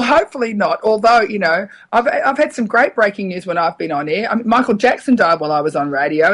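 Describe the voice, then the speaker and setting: A middle-aged woman, a radio comedian, telling stories in a casual interview, animated and laughing often. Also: mid-range voice.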